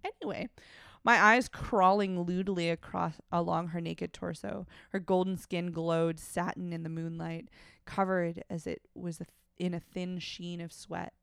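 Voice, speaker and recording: Low, gravelly woman reading aloud. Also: fairly even intonation, a little slow, fairly bright tone, dry recording, clean studio sound. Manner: breaks off from reading to make frank, wry asides. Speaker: podcast co-host. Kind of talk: reading fiction aloud with commentary.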